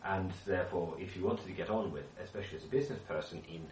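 A man teaches a Bible study group, often turning to them with questions and restarting his sentences. His voice sits very low. He is picked up from a distance in an echoey room, with a faint hum of ambience behind him. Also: quick pace. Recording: echoey room, speaker far from mic.

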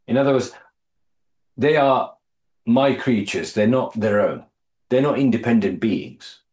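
A man leading a Bible study, reading scripture aloud, explaining it with halting restarts and quizzing his listeners. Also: medium pitch, a little mellow. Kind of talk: Bible study teaching to a small group. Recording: echoey room.

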